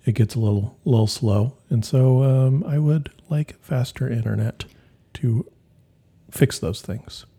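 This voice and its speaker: Mellow husky man hosting a podcast. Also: medium pitch, measured pace. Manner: chatty, jokey, laughs often. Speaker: podcast co-host. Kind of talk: casual podcast chat. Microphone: home office podcast mic.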